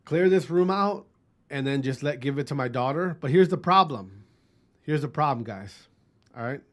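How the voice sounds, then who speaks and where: A man's voice: mid-range voice, expressive, normal speed, a bit bright. Man, 30s, from Wisconsin, casual live-stream chat, rambling, swears a lot. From Wisconsin, US Midwest. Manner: rambling, profane, talks to chat by name. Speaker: gaming streamer.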